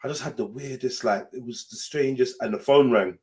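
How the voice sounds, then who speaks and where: With a crowd audible behind him, a young man speaks a little fast at medium pitch. He's a podcast host recounting a personal story in casual conversation, animated, swearing freely and impersonating the people in it.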